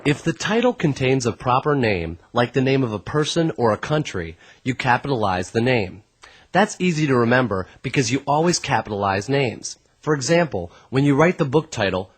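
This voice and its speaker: A man's voice: medium pitch, breathy edge. A man reading scripted instructional narration in a plain, explanatory way.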